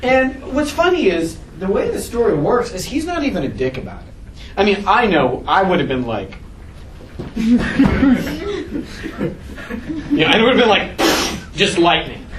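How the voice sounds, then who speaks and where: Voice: mid-range voice, very animated, measured pace, long pauses, far from the mic, a little hiss or hum. A teacher giving a casual, joking classroom lecture and asking the class questions. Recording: echoey classroom taped from afar.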